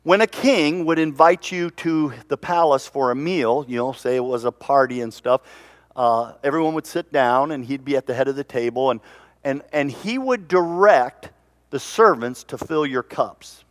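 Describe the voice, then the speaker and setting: A man preaching a sermon in a church, telling stories with lively energy and repeating words as he goes. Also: medium pitch, normal speed, no echo, studio quality. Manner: animated storytelling, repeats words. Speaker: pastor.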